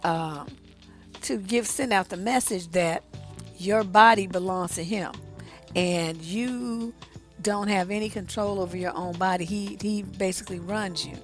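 A woman's voice: medium pitch, unhurried, soft background music. A woman relationship coach giving blunt, profane, conversational advice straight to her audience. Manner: conversational, addresses the audience directly. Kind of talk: casual advice monologue.

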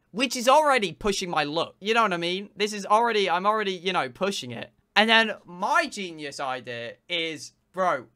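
A seventeen-year-old male streamer tells his chat a story, rambling and excited, packing in fillers and curses. His voice sits high.

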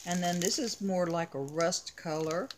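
A woman in a casual vlog, showing off her craft supply haul, talking in an unhurried, chatty way with frequent ums. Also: on the low side, background noise. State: has the hiccups. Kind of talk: casual show-and-tell.

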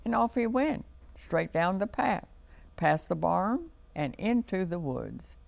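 A man reads a children's storybook aloud, gently and unhurriedly. His voice is deeply gravelly and he takes his time over every phrase. The sound is close and dry. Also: sing-song, no room sound. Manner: slow, gentle read-aloud delivery.

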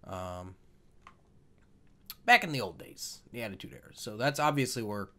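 A man's voice: lowish voice, animated, moderate pace, fairly bright tone. A man giving casual, jokey gameplay commentary while playing a wrestling video game, swearing and rambling.

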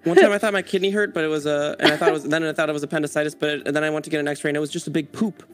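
A man's voice: on the high side, fairly even intonation, racing, soft background music. A young man in casual gaming chat, laughing, swearing and rambling through stories. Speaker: gamer.

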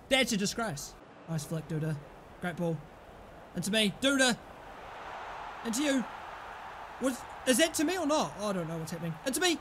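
A young man commentating his own football video game, excitable, groaning and then yelling at the play. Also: sits high, normal speed, long pauses, background noise. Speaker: gaming commentator. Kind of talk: live gameplay commentary.

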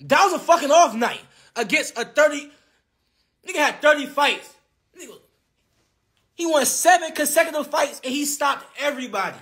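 Brash young man, high lively voice. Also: normal speed, pauses often. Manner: brash, taunting, repetitive, laughs mid-sentence. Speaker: boxer on a social media live stream. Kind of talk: trash-talking live stream rant. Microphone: phone.

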